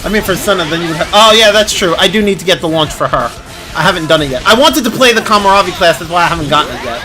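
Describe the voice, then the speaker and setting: A man's voice: sits high, lively intonation, racing. A man streaming a video game live, talking casually, laughing often and swearing as he rambles over the play. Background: game music.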